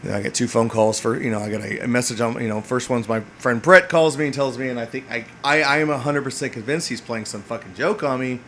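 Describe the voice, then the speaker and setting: A middle-pitched man in his forties tells a long story about his years in the navy. He swears often and rambles, full of "uh" and "you know" and half-finished sentences. There is a faint hum behind him. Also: fast talker, few pauses, fairly bright tone. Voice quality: rambling, profane, lots of fillers and restarts. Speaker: podcast host, Navy veteran. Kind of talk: casual storytelling monologue.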